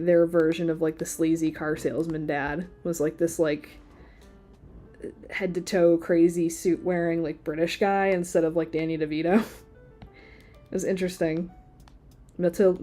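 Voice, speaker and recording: Mellow, chatty woman sketching. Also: on the low side. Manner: rambling, chatty, lots of "like" fillers. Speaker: artist streaming live. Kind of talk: casual chat while drawing.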